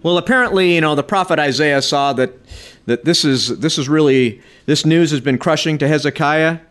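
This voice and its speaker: A man's voice: a little high, moderate pace, a bit bright. A man preaching a sermon with impassioned, emphatic delivery, repeating phrases for effect. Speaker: pastor.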